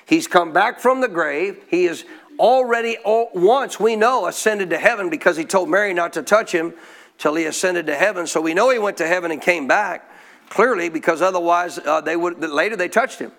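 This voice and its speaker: A male pastor preaches a sermon in church, asking the congregation questions and drawing their answers back in call-and-response. His high-pitched, fairly bright voice moves at a moderate pace.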